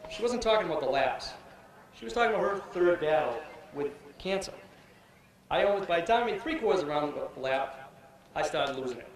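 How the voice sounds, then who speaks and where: A man telling a rambling, animated personal story as a cancer survivor at an outdoor ceremony. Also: on the high side, fast talker. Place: outdoor event with a crowd. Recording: echoey PA sound from far off.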